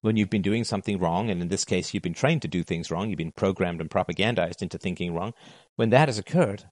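A man's voice: low-pitched, fast talker, darkish tone, no echo, studio quality. A middle-aged man holding forth in a monologue on philosophy, emphatic and repeating his key phrases. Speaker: philosophy talk host. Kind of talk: monologue to listeners.

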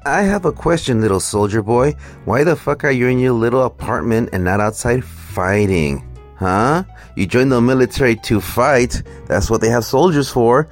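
A man's voice: fairly low pitch, moderate pace, soft background music. A man hosting a ranting, profane, mocking reaction commentary. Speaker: commentary host.

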